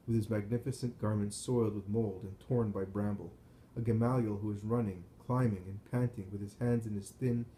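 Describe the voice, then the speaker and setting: A man reading a first-person visionary account in a measured, solemn way. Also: lowish voice, mellow, a little hiss or hum, rough recording. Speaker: narrator. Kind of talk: scripted first-person narration of a visionary text.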